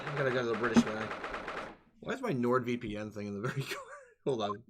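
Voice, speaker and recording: Young guy rambling thru a game stream, lively pitch, bright voice, faint music behind. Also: fairly quick. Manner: rambling, joking, playful. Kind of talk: casual let's-play commentary.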